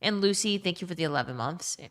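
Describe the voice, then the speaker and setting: A woman's voice: on the low side, lively intonation, fast talker, fairly bright tone. A woman live streamer chatting casually with her chat, answering them and telling a tender story, with lots of "um" and "like" and some swearing.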